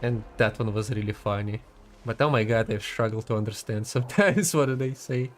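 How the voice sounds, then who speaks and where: A man's voice: on the low side, brisk. Chatty, giggly man streaming a game. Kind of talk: casual gaming commentary.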